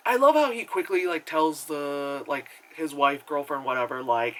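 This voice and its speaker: A man's voice: on the high side, animated, moderate pace, hardly any pauses, a bit bright, poor audio. A man giving a casual, rambling movie review, full of fillers, sarcasm and swearing.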